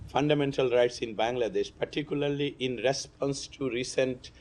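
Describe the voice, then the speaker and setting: A man's voice: medium pitch, moderate pace, darkish tone. A male reporter with a lost voice, politely reading long formal questions at a press briefing and coughing. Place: briefing room.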